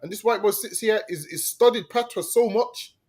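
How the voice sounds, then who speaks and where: A man's voice: sits high, moderate pace, a little mellow, breathy edge. A man co-hosting a podcast in casual chat, mocking and slangy, often laughing and tagging lines with "man". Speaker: podcast co-host.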